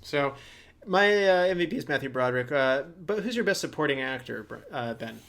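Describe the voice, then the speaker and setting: A man's voice: mid-range voice, animated, fairly bright tone. Joking man co-hosting a movie podcast. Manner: joking, quick to laugh. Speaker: podcast co-host. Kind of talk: casual movie-podcast chat.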